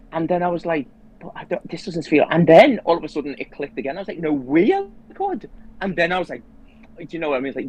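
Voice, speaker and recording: A man's voice: on the high side, husky, low-quality recording. A man hosting a casual conversation who tells his story earnestly and with animation, restarting his sentences often. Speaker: host.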